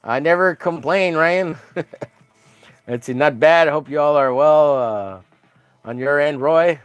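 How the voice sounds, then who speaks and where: Crude, joking male streamer, raised pitch. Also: takes it slowly, clear, resonant tone, dry recording. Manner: crude, joking, chatty, greets viewers by name. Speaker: livestream host. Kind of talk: casual livestream chat while drawing.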